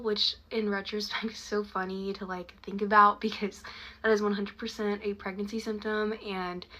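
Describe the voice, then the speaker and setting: Young woman, storytime chat, bright voice, lots of likes, frequent laughs. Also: mid-range voice. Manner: chatty, laughing often, many likes.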